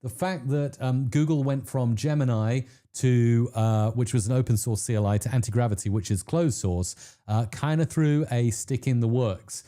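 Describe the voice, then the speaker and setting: A man hosting a live stream, chatting to viewers with bursts of excitement and frequent laughter. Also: moderate pace. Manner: excitable, laughs often, pitch jumps when thrilled. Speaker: livestream host.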